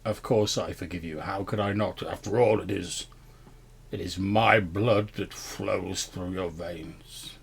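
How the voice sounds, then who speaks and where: A man voicing a pompous older father covered in blood, speaking calmly and indulgently. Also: sits low, measured pace, vocal fry, breathy edge, heavily acted. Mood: knowing.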